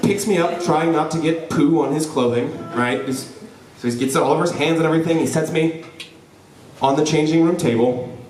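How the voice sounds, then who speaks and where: A young man telling a personal story live before an audience, lively and joking, with frequent "right?" asides to the crowd. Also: on the high side, moderate pace, a little hiss or hum. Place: event hall before an audience. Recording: roomy hall, voice from a distance.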